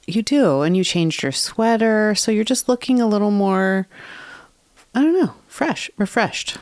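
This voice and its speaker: A woman chats affectionately on her podcast. Her intonation swoops in a lively way at a middling pitch. The recording is dry and close. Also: measured pace, dry recording. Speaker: podcast co-host. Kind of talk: casual chat.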